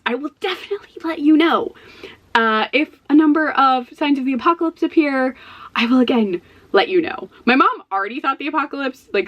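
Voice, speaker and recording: High-pitched and a bit bright, this woman's voice carries a casual book vlog recorded in her home office. She sounds stressed as she rambles, making fun of herself and laughing a little between phrases.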